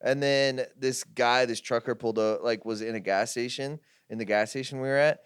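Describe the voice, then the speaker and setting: A man hosting a podcast, telling stories in a casual comedy chat with an animated manner. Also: mid-range voice, moderate pace, smooth, no echo, clean studio sound. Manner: animated storyteller. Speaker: podcast host.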